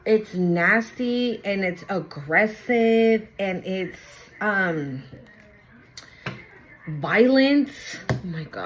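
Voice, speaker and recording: A young woman speaks in a casual tarot-reading vlog, with a voice sitting at an ordinary middle pitch. She is candid and talkative, swears without fuss, and circles back over her points. A faint hiss runs underneath. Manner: candid, chatty, swears freely, keeps checking in with "okay?"; repeats herself for emphasis. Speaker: tarot reader.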